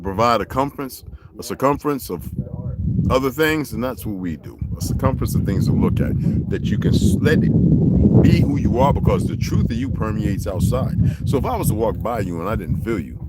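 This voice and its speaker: A man's voice: fairly low pitch, lively intonation, a little fast, very noisy. A man hosting a livestream, ranting in a profane, preachy, confrontational way and greeting viewers by name. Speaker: livestream host. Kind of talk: livestream rant.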